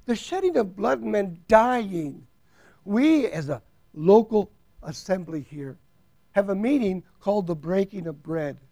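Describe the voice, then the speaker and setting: A man preaching a sermon to his congregation, emphatic, drawing out key words and swinging between soft asides and loud declarations. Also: high-pitched, animated, measured pace, creaky, no room sound. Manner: argues with an imagined doubter in rhetorical questions.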